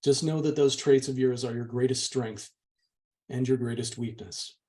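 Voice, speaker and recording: A man reading aloud, voicing a meek and gentle young woman who pleads softly with her older sister. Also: mid-range voice, fairly even intonation, normal speed, lightly acted. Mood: tender. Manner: soft, pleading. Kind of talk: audiobook reading.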